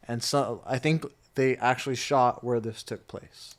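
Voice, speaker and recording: A man's voice: medium pitch, steady tone, a little slow. A young man co-hosting a casual movie review chat, asking curious questions and reacting with laughs. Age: young adult.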